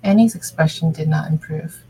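A woman's voice: deep voice, normal speed, dark tone, slightly rough, low-quality recording. A woman casually reading a fan story aloud, taking turns with a co-reader. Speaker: fanfiction reader and channel host.

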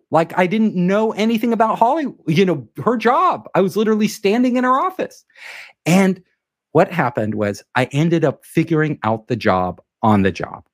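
A man telling an anecdote in a casual interview, animated and acting out the quoted dialogue. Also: high voice. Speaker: guest telling a career story.

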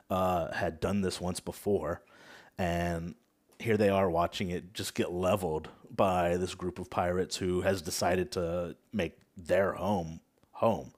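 A man hosting a casual podcast, recapping a chapter in an easygoing, measured way. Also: fairly low pitch, a little mellow. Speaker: podcast host.

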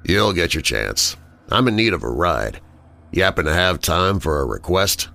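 A man putting on a silky, menacing villain with a deep voice. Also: very animated, no echo, exaggerated voice. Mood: smooth menace. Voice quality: smooth, deep, soft-spoken. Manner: slow, silky and patronizing. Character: smooth condescending sinister man, calm and menacing.

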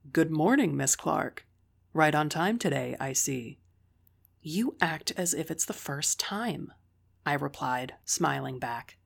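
A woman's voice: low voice, gravelly, a bit bright. A woman reading a first-person story aloud in a dry, wry manner. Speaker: narrator.

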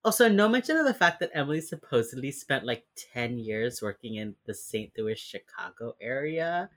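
A woman's voice: a bass voice, moderate pace. Chatty woman recapping a show with quoted lines. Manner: animated, swears, acts out characters' lines. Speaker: podcast co-host. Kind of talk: casual chat recapping a TV episode.

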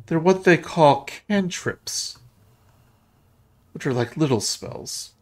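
A man's voice: fairly high pitch, lively intonation, slow, voice pushed up. A man voicing a polite little ghost girl. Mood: eager.

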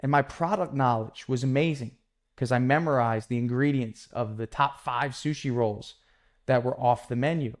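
Energetic man telling a sales story. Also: mid-range voice. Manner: animated, acts out customer dialogue in quick quotes. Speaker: podcast host, painting contractor. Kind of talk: casual solo podcast storytelling.

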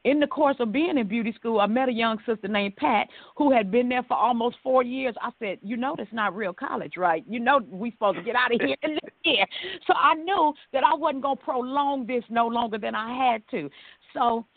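A woman from Los Angeles, a hairstylist guest telling her life story in an animated way on a radio show. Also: a little high, a little fast. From Los Angeles, California. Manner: animated storyteller acting out dialogue. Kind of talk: storytelling interview. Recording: tinny phone-like audio.

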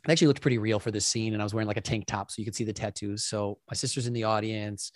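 A man hosting an interview, chatting casually and telling lively stories full of fillers. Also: fairly low pitch, racing, no room sound, clean studio sound. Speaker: podcast host.

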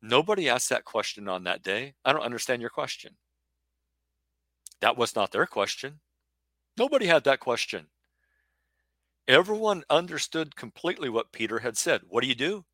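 A man's voice: medium pitch, big pitch swings, normal speed, sharp tone, no room sound. Emphatic man preaching a Bible lesson. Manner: emphatic, rhetorical, acts out imagined questions. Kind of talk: sermon-style Bible teaching.

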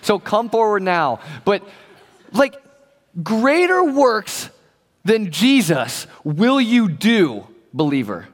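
Young male pastor, slightly high voice, conversational and playful, long hall reverb. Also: big pitch swings, unhurried. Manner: conversational, joking, acts out quoted voices. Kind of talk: casual sermon to young people.

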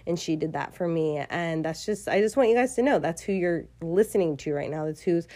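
A woman's voice: fairly low pitch, animated, a little fast, dark tone. A woman in her forties hosting a casual faith podcast, talking in a gushing, rambling way with lots of fillers. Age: 40s. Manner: effusive, rambling, many fillers. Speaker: podcast host.

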